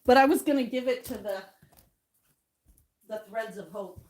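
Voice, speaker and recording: Woman, home vlogger, higher voice; casual chatty delivery, a bit teary, frequent laughs. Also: moderate pace, darkish tone. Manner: chatty, laughs often between lines. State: tearful. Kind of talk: casual chat to camera.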